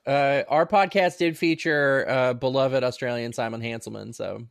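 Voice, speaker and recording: Deadpan young man, dry close voice. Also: medium pitch, moderate pace, creaky, smooth, no room sound. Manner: dry, deadpan, mock-naive. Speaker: podcast co-host. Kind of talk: casual comedy podcast chat.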